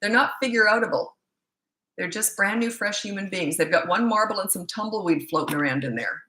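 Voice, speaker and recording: Woman parenting coach, casual live Q&A, bright tone, animated storyteller, echoey room. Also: on the low side. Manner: animated storyteller, laughs often.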